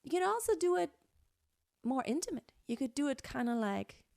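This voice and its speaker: A woman singing teacher explaining a song in a relaxed, chatty way, full of fillers and restarts. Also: sits high, normal speed, gravelly, dry recording, studio quality. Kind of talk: vocal lesson with sung demonstrations.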